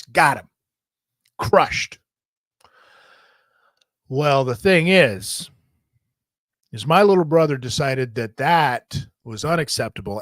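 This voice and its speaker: A man's voice: medium pitch, a bit bright, no echo. A man hosting a talk show, telling a story in a casual, profane and jokey way. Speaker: host.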